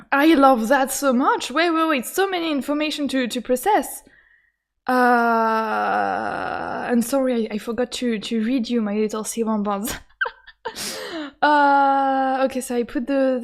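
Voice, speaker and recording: A woman with a voice, commenting casually on a game she is streaming, excitable, stammering and laughing often. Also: fairly high pitch, unhurried, gravelly. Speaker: gaming streamer. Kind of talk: casual let's-play commentary.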